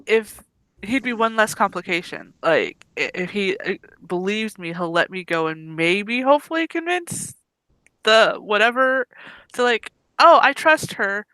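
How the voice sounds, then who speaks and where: A woman's voice: on the low side, pushed and bright, smooth, dry recording. A woman playing in a tabletop role-play game, rambling with many "like"s. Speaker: player.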